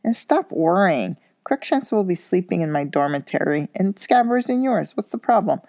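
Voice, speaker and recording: A woman reading aloud, voicing an eager, bookish teenage witch girl in a higher, coaxing voice. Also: very animated, normal speed, a little mellow, no echo, clean studio sound. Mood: brisk.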